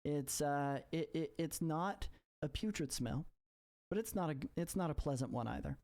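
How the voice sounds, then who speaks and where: Halting tabletop game master. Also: mid-range voice, vocal fry, a little mellow. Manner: halting, many repeated words and fillers.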